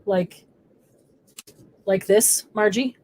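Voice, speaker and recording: A woman's voice: medium pitch, drawn-out words, a little mellow. A woman hosting a live crafting stream, chatting casually as she works. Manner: chatty, coos baby talk to her dog. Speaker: crafting show host.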